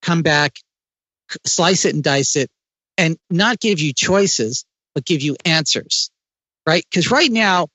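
A man speaking as an interview guest, explaining ideas in a lively way with frequent restarts. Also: a little high, slow, long pauses, no room sound, poor audio. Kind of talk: conversational interview.

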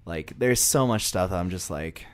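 A young man with a very low voice hosts a relaxed podcast chat. He jokes with friends and lets his sentences trail off. His tone stays loose and laid-back. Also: unhurried. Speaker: podcast host. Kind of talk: casual chat.

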